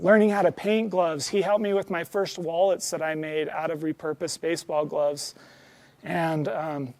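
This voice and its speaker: Earnest high-voiced man. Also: darkish tone. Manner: earnest and heartfelt, many ums and restarts. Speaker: guest speaker. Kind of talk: storytelling talk to an audience.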